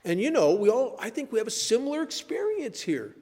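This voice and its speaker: A man's voice: very high voice, wildly swooping pitch, fairly quick, darkish tone. An older man giving a personal talk at a recovery meeting, earnest and blunt, telling stories and pressing his points with sudden emphasis. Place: meeting hall. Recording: echoey hall.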